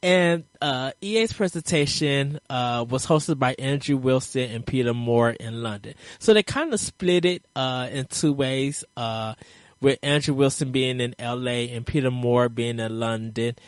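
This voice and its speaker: A man's voice: medium pitch, unhurried, dry recording. Rambling male podcast host, dry sound. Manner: rambling, with frequent ums and uhs. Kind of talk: casual gaming podcast chat.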